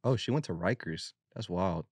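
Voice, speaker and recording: A young man co-hosting a podcast, telling stories in a laid-back, slangy way. His voice sits very low, and the sound is close and dry with no room around it. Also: lively intonation, normal speed, husky, dry recording. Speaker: podcast host. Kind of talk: casual chat.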